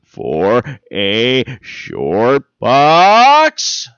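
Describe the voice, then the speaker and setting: A man putting on the voice of a campy, pompous 1960s TV superhero, speaking slowly with halting, overly grand phrasing. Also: mid-range voice, wildly swooping pitch, a bit bright, clean tone, no echo, highs cut off, heavily acted.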